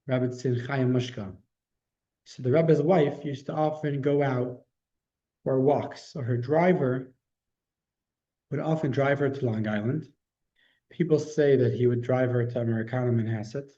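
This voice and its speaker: A man's voice: mid-range voice, warm tone, lo-fi sound. A man teaching a religious class as its rabbi, telling stories conversationally with frequent restarts. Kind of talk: storytelling lesson.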